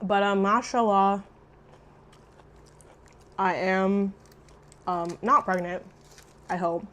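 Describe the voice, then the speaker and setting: Loud, profane young woman vlogging. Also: mid-range voice, fairly even intonation, slow. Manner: loud, profane, swings into shrieks and mutters. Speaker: mukbang vlogger. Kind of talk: casual eating vlog chat.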